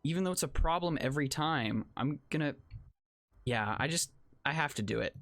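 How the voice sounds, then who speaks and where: A let's play host giving casual gameplay commentary, reacting aloud to the action with excitable outbursts and self-mocking asides to viewers. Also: medium pitch, normal speed.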